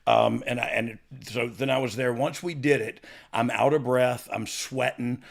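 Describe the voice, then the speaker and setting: A gravelly man in his fifties rambles through a story with a middle-pitched voice, stopping to laugh and restarting his sentences. He hosts a casual talk show. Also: steady tone, moderate pace. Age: 50s. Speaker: podcast host and former wrestler.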